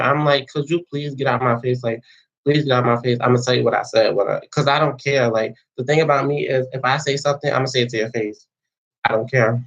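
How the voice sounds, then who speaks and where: A man's voice: mid-range voice, a bit bright, highs cut off. A young man telling a story to his viewers in a casual, slangy way, with lots of fillers and swearing. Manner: chatty, slangy, profane, many fillers. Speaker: vlogger.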